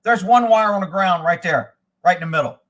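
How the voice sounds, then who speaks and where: A host on a live show tells a long, profane story, casual and animated, quoting the people involved. His voice sits high and he talks briskly.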